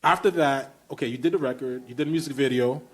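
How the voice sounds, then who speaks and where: A man's voice: medium pitch, quick pace, slightly rough. A man with a Brooklyn accent hosting a podcast, eager and emphatic, with loose, slangy phrasing. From Brooklyn, New York. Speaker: podcast host. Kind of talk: casual podcast conversation.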